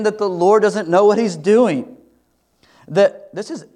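A pastor preaching a sermon, earnest and building to emphatic questions. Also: male voice, sits high, slow, a little mellow.

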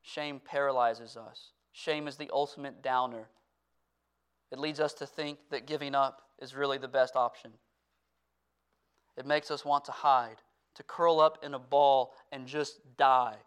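Earnest pastor with a clear, ringing voice. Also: male voice, mid-range voice, fairly even intonation, unhurried. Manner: earnest preaching that swings from forceful to hushed. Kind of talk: sermon. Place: church.

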